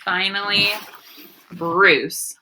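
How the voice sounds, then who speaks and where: A woman's voice: medium pitch, fairly even intonation, extremely slow, bright, forceful tone, slight background noise, rough recording. A woman teacher reading a picture book aloud to her class, explaining words and asking questions.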